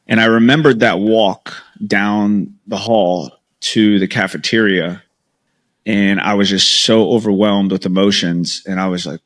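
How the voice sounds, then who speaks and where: A man in his thirties with a lowish voice tells his story as an interview guest. He speaks candidly and with feeling, acting out the lines of the people in his past. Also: steady tone, measured pace. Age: 30s. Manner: candid, emotional retelling with quoted dialogue. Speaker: podcast guest, entrepreneur.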